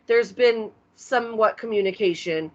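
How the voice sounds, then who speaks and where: Supportive woman co-host, halting delivery, slightly muffled lo-fi recording. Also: fairly high pitch. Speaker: podcast co-host. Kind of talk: casual chat. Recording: slightly dull lo-fi sound.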